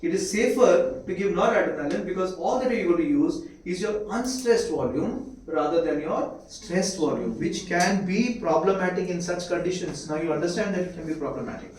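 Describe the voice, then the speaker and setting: A man's voice: sits high, lively intonation, normal speed, few pauses, a little mellow. A man with an Indian accent giving a medical lecture, constantly quizzing his students with rhetorical questions. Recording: echoey room, mic far off, faint hiss.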